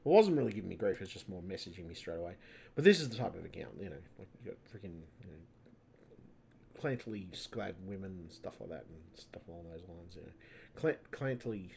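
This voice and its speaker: Low-voiced, fed-up man. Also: expressive, a little fast, vocal fry, a little mellow, slight background noise. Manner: frustrated, swears constantly, restarts and trails off. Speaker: channel host. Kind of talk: rambling off-the-cuff vlog. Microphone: computer mic at home.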